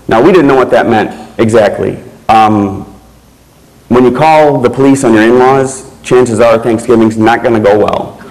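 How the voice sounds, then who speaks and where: A man giving a keynote speech, telling a personal story in a slow, measured way with pauses. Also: mid-range voice, a little mellow, rough recording. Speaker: keynote speaker.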